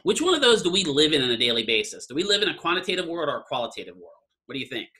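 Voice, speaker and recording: Guy giving a class lecture, kinda high bright voice, talks loose and chatty. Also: sing-song, racing. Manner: conversational, keeps asking "right?".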